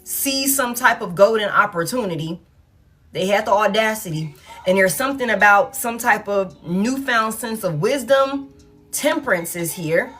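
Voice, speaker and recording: A woman's voice: medium pitch, animated, normal speed, a bit bright. A woman doing a casual tarot reading to camera, chatty and swearing freely as she talks straight to her viewers. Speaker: tarot reader. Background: faint background music.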